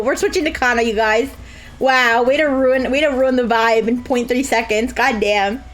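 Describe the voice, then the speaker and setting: A woman's voice: fairly high pitch, measured pace, pauses often, a bit bright, faint music behind, low-quality recording. A young woman streaming a game live, chatting to viewers with crude jokes and frequent laughter, sometimes slipping into mock sobbing. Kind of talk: live-stream gameplay commentary.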